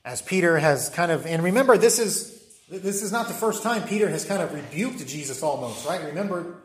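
Male Bible study teacher, conversational, fairly high voice, keeps asking "right?". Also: animated, fairly quick. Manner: conversational, checks in often with "right?".

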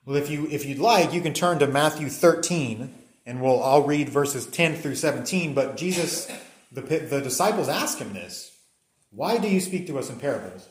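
A man's voice: a little high, animated, moderate pace, echoey room. A man preaching a sermon, teaching in a conversational way with some restarts and reading scripture aloud to the congregation. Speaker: pastor.

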